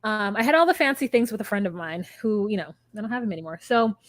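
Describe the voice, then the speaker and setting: A woman's voice: mid-range voice, fast talker, no echo, studio quality. A woman in her thirties co-hosting a podcast, chatting casually and rambling through a reality show recap with plenty of filler words. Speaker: podcast co-host. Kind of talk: casual chat.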